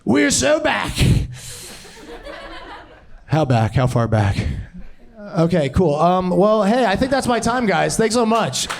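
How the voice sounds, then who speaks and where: On a club stage, a young male comedian improvises stand-up, rambling and giggling at his own ideas. His voice is a little high for a man, lively in intonation and a bit slow, carried through a handheld stage mic.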